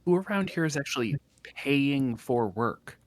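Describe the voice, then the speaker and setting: A man's voice: mid-range voice, animated, unhurried, no room sound. A man playing a tabletop game, asking questions and thinking aloud. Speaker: player. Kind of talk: casual tabletop game talk.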